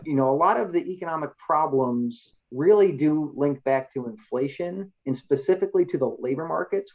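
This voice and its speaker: A man's voice: medium pitch, highs cut off. A male economist giving a slide presentation in a conversational, explanatory way, often checking in with the audience.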